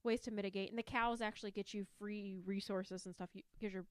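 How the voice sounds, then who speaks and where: A woman's voice: medium pitch, fairly even intonation, a little fast, smooth, dry recording. A woman co-hosting a podcast, chatting enthusiastically about a board game and rambling a little. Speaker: podcast co-host. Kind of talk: casual board game chat.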